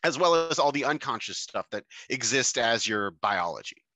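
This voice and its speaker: A man's voice: mid-range voice, animated, normal speed, pushed and bright, no echo. A man speaking as a podcast guest in a casual interview. He rambles, restarts his sentences and leans heavily on filler words. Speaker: podcast guest, mushroom competition co-founder.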